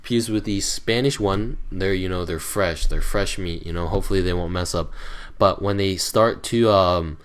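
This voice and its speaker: Teen male channel host, deep voice, loose irritable ramble full of ums and uhs. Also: moderate pace, hardly any pauses, clear, resonant tone. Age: teens. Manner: rambling, hesitant with many fillers; irritable, grumbling. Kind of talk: casual chat to viewers.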